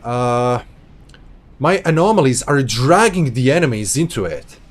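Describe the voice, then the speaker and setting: A man's voice: medium pitch, very animated, a little slow. A man giving casual, chatty commentary while streaming a space game from a hot room at home, laughing easily and correcting himself. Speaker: gameplay streamer.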